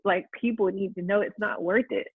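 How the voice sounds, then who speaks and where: A woman's voice: medium pitch, steady tone, a little fast, phone-quality sound. A woman hosting a casual faith chat, talking in a heartfelt, earnest way with many restarts. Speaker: host.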